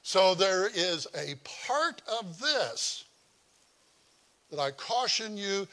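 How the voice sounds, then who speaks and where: Pastor delivering a sermon: a man with a slightly raised voice, lively and conversational, chuckling through his own stories. Easy and talky, like he is telling a tale to his congregation. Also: sits high, slow. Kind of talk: sermon with personal storytelling.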